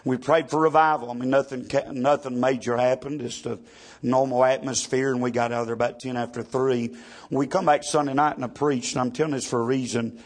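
A man's voice: mid-range voice, fairly even intonation, fairly quick. A man, a pastor telling a story from the pulpit and dropping "amen" after nearly every line. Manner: testimony peppered with constant "amen". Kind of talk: storytelling sermon.

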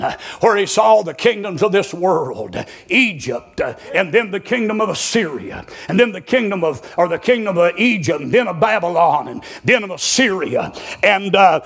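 Male preacher, high and gravelly, shouts and chants the sermon, winded. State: short of breath.

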